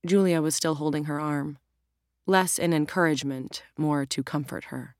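A woman narrates an audiobook in an even, measured way. Her voice is on the low side for a woman. The recording is close and completely dry. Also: dry recording. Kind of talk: scripted narration.

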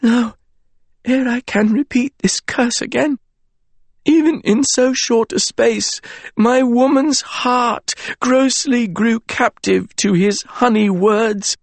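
A man voicing a frail, ill young actress who declaims tragic verse in a high, quavering voice. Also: gravelly, dry recording.

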